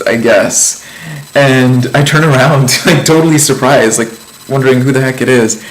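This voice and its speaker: A man's voice: medium pitch, fairly even intonation, normal speed, low-quality recording. A man giving a casual vlog life update, telling a story in a chatty, meandering way with lots of ums and likes. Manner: amused storytelling. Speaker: vlogger.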